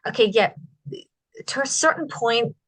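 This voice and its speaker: A woman's voice: on the high side, unhurried. Frank woman musician chatting. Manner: frank, animated, swears. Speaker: podcast guest, musician. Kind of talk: casual chat.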